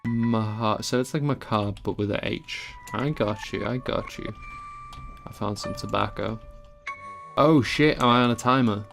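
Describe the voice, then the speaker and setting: A man with a low-pitched voice commentates his gameplay, reading the on-screen text aloud with dry asides. He swears a lot and yelps when startled, over faint game music in the background. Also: unhurried, creaky, a bit bright. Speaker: let's play gamer.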